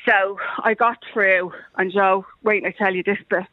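Calling a radio program from Ireland, this woman recounts a story lively enough that she performs the different voices. Her own voice is medium-pitched, steady, and measured, heard over a muffled phone line with a dry sound.

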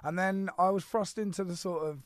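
A man, a guest in a casual radio interview, relaxed, self-deprecating and quick to laugh. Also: sits high, no room sound, studio quality. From England. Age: 30s. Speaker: guest singer. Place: radio studio. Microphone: studio microphone.

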